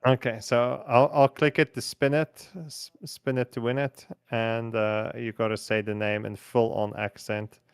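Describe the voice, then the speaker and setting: A man's voice: mid-range voice, little pitch movement, measured pace, few pauses, clear, resonant tone, no room sound. A man hosting a livestream in a casual, hesitant way with frequent fillers. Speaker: host.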